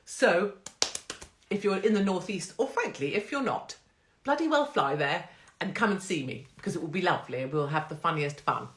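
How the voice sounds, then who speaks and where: A woman's voice: lowish voice, animated, normal speed, fairly bright tone, a little hiss or hum. A woman hosting a casual live stream, brash and jokey, swearing freely and laughing often, from England. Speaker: host. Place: home, live phone stream. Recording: roomy echo.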